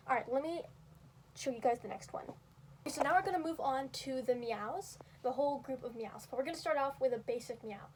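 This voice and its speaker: High-voiced young woman rambling casually. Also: darkish tone, recorded from a distance, slight background noise. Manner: rambling, filler-heavy, self-deprecating. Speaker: video creator teaching cat vocals. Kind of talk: casual tutorial talk.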